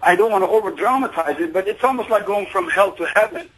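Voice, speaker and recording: Middle-aged male caller from Iran, husky, a bit high-voiced, halting phone-in speech. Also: animated, a bit bright, rough recording. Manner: hesitant, many fillers. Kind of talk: phone-in call to radio show.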